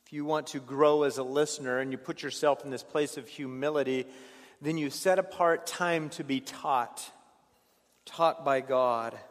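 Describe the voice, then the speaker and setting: A man preaching a sermon as a pastor, in an earnest way, often stumbling over repeated words and moving between hushed passages and raised ones. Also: medium pitch, fairly even intonation, moderate pace, in a large hall. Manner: earnest, stammering restarts, swings between hushed and raised delivery.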